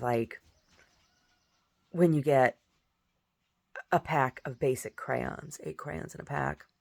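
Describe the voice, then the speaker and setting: A woman, a painter and poet, chatting casually and at length, rambling softly with many restarts. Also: a bass voice, vocal fry, no room sound. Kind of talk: casual monologue.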